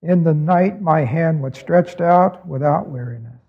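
A pastor preaches a sermon in a voice on the high side, at a measured pace with a breathy edge. He earnestly reads scripture and poses reflective questions to his listeners, captured on a tinny, phone-like recording.

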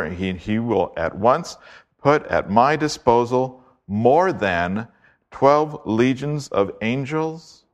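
Male preacher, low-pitched, emphatic and deliberate; expository sermon delivery. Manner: emphatic, deliberate, slows to stress key words.

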